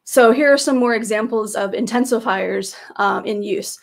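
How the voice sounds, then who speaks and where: A woman's voice: mid-range voice, moderate pace, gravelly, hardly any pauses. A woman presenting slides to teachers, explaining in a patient way with frequent fillers and restarts, speaking into a computer microphone on a video call. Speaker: teacher trainer presenting a webinar.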